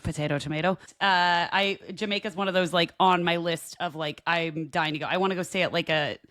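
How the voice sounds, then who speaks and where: A woman's voice: on the low side, fairly even intonation, fairly quick, fairly bright tone, no room sound, studio quality. A woman co-hosting a casual podcast, trading jokey banter and laughing at her own puns. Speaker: podcast co-host. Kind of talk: casual chat.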